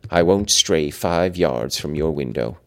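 A man reading aloud and voicing an intense, brooding young man who speaks in a low, hushed, urgent way. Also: animated, measured pace, full character voice. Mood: pleading.

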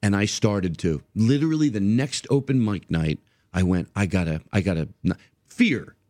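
A man's voice: lowish voice, moderate pace. Man in his 50s, comic storyteller, voice bouncing all over, restarts his sentences. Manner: animated rambling storyteller, restarts a lot. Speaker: comedian guest. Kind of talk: casual podcast chat.

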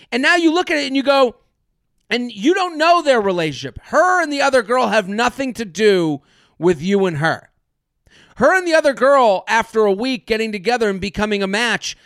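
A man hosting a comedic dating-advice podcast. He reads listener emails and answers them in an animated, sarcastic way, often slipping into mock voices. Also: very high-pitched, no echo, clean studio sound.

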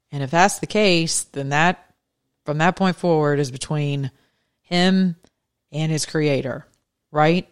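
Low-voiced woman preaching her opinions. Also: clean tone. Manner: conversational, earnest, preacherly. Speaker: podcast host. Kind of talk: opinionated religious commentary.

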